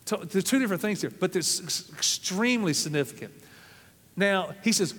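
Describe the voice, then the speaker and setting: A man's voice: fairly high pitch, animated, normal speed, a bit bright. Man preaching in an echoing hall. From South Arkansas, USA. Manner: storytelling with folksy humorous asides. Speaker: pastor. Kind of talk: sermon. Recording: long hall reverb.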